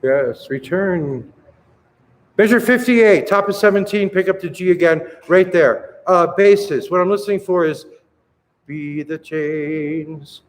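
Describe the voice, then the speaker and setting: A man leading a choir rehearsal, counting in and coaching singers with brisk encouragement. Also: sits high. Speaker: choir director. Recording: reverberant hall with music playing.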